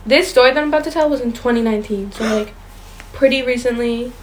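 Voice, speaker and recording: High-voiced young woman reading ghost stories. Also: fast talker, slight background noise, rough recording. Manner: chatty, stumbles over words while reading. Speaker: podcast co-host. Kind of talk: casual chat, reading ghost stories aloud.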